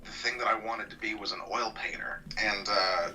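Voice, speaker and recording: A man guest talking casually about cartoons, rambling and restarting, often trailing off quieter. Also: lowish voice, fairly even intonation, normal speed. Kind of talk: casual interview chat. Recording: distant mic with faint noise.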